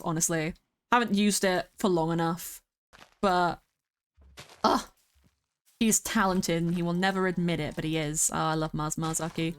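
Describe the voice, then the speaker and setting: Chatty young British woman streaming. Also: on the low side. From Britain. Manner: chatty and rambling, giggles often; sings along to music at times. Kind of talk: casual live game stream chat.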